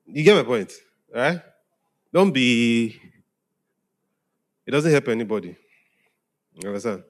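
A man's voice: mid-range voice, expressive, measured pace, pauses often. Male pastor, conversational sermon delivery, mid-range voice, frequent check-ins with listeners. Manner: conversational preaching, often asking "are we together?". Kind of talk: sermon to young congregation.

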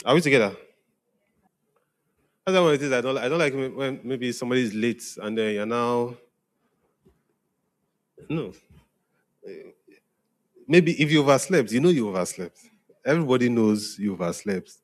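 In a sermon to young listeners, this pastor talks conversationally and often asks "are we together?" to confirm they follow. His mid-range voice has lively intonation, normal speed, and frequent pauses.

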